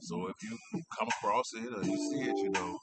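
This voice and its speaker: A middle-aged man, high, rambling casually and repeating himself as he reviews cannabis on his vlog. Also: very animated, brisk, gravelly, over loud music. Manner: meandering, repeats himself, laid-back.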